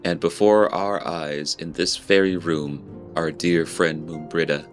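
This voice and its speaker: A man reading the lines of a solemn young noble scholar from a game, in a formal, measured way. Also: very deep voice, fairly even intonation, soft background music. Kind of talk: reading game dialogue aloud.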